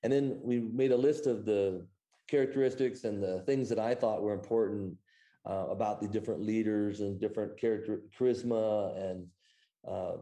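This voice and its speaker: A man's voice: on the low side, fairly even intonation, normal speed, dark tone. A man from Iowa, an author guest, telling anecdotes in a rambling way with many fillers and restarts. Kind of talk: anecdotal storytelling in conversation.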